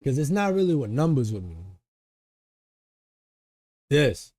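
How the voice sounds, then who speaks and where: A man's voice: mid-range voice, sing-song, unhurried, a little mellow, no room sound, studio quality. A young man, a streamer, chatting casually and rambling in slang to his viewers, often mocking himself. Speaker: streamer reacting to a video.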